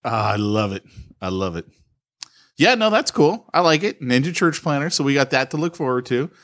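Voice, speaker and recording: A man's voice: medium pitch, expressive, moderate pace, fairly bright tone. A man co-hosting a podcast in casual chat, laughing and self-deprecating. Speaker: podcast co-host.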